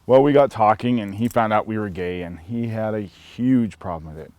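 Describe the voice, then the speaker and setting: A man from Montana casually telling a personal story in a relaxed, rambling way, full of "you know" fillers. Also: on the low side, normal speed, hardly any pauses, dry recording. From Helena, Montana. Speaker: storyteller sharing his coming-out experience.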